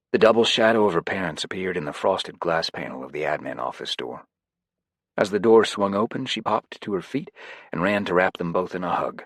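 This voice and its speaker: A man narrating an audiobook with an expressive, varied delivery. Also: low voice, fairly quick, dry recording, clean studio sound.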